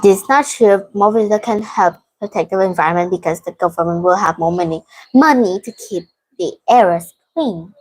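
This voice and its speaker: A woman's voice: mid-range voice, a little mellow, low-quality recording. Dizzy woman student reading answers. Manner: halting, informal non-native English. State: dizzy from heat. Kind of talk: reading exercise answers aloud.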